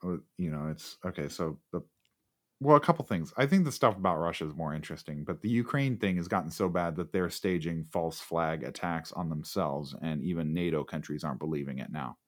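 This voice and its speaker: A man's voice: very deep voice, fairly quick. A man co-hosting a podcast in casual chat, rambling and sarcastic with lots of fillers. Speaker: podcast co-host.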